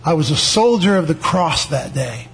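High-voiced older man, veteran sharing a testimony, halting delivery with lots of restarts, acts out the voices in his story. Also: sing-song, a bit bright, a little hiss or hum. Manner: halting, with many restarts and repeated words.

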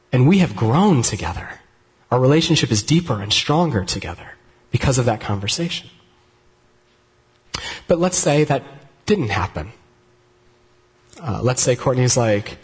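A man preaching a sermon in a conversational, gently humorous way, often restarting his sentences. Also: medium pitch, very animated, normal speed. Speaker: pastor. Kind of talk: sermon with live demonstration.

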